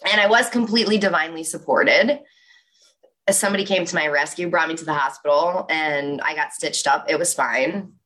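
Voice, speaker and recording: A young woman speaks with a slightly low voice in an animated, storytelling way. She gives a motivational talk and fills it with casual "like"s. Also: brisk.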